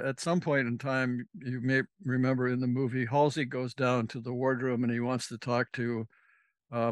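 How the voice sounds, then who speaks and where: A man's voice: medium pitch, pushed and bright, no echo. A man, a former navy officer, telling a rambling, casual story as a podcast guest and acting out the lines of the people in it. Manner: rambling, acts out quoted dialogue.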